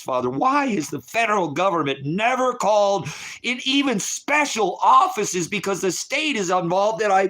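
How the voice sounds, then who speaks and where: A man's voice: high-pitched, fairly bright tone. A preacher delivering an emotional spoken prayer to his congregation. He is tearful and distraught, and he pleads through repeated questions. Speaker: ministry preacher.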